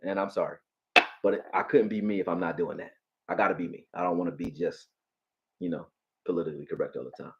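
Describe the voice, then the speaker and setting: A man's voice: low-pitched, fast, highs cut off, very noisy. Profane Philly man breaking down football. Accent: Philadelphia. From Philadelphia. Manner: profane, animated, talks back to chat. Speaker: sports streamer. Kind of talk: live-stream football breakdown.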